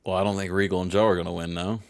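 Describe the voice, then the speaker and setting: A man co-hosting casual gameplay commentary, sarcastic and swearing freely in lively banter. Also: low-pitched, rapid-fire, gravelly, over a noisy crowd. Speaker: co-host.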